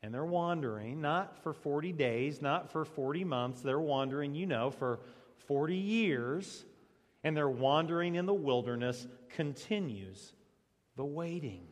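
A male pastor preaching a sermon as dramatic storytelling, swinging between loud passages and hushed ones. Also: on the high side, lively intonation, a little slow. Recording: long reverb of a large hall.

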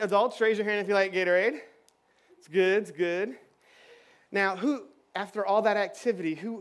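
A man leading a children's church session on stage, playful and chatty with lots of fillers. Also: sits high. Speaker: children's pastor. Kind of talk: lively children's church talk. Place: church stage with kids and adults.

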